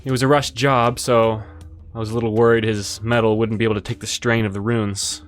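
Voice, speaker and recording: A man's voice: lowish voice, level tone, brisk, soft background music, natural voice. A man voicing a moody, dour young woman swordsmith-mage in a tabletop game, speaking in a dry, unimpressed way. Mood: casual.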